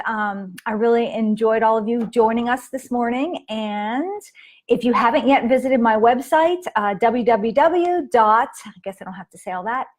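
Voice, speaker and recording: A woman coaching parents in a casual live-stream lesson, chatty with fillers and acted quotes of children. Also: on the high side.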